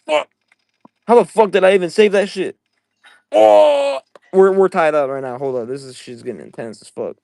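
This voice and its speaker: A young man hosting a casual live-selling stream, profane and excitable as he pitches items while playing a game. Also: moderate pace, creaky, no echo. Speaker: livestream seller.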